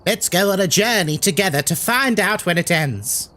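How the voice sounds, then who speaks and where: Chatty London streamer. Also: male voice, high-pitched, animated, normal speed, bright, forceful tone. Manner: chatty, answers chat comments. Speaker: horror game streamer. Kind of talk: live-stream chat while gaming.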